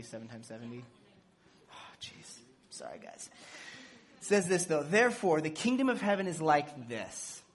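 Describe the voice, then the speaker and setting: Husky-voiced male preacher, animated. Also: medium pitch. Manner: animated, playful asides, acts out dialogue. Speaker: pastor. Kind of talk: sermon.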